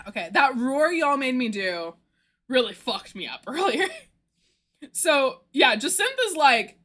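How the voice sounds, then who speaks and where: A young woman streamer recapping a story in casual chat, gushing and laughing as she goes. Her voice sits high and bright, with big lively swings in pitch. She takes an unhurried pace. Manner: excitable, gushing, laughs and squeals often.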